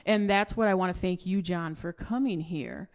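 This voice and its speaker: A middle-aged woman hosting a podcast, telling a story in a lively way and acting out the voices of the people in it. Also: fairly low pitch, normal speed. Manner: lively, acts out quoted voices in her stories. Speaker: podcast host. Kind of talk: animated storytelling in conversation.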